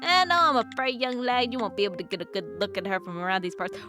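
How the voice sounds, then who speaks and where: A woman's voice: mid-range voice, fairly even intonation, fast, over music, lightly acted. A woman voicing a chatty, nosy older male taxi driver in a put-on New York accent. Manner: talkative, pushy, folksy.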